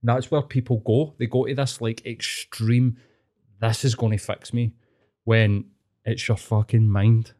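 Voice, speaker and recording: A man's voice: medium pitch, steady tone, normal speed, dark tone. A man with a Scottish accent, talking bluntly and earnestly as a podcast guest in casual chat.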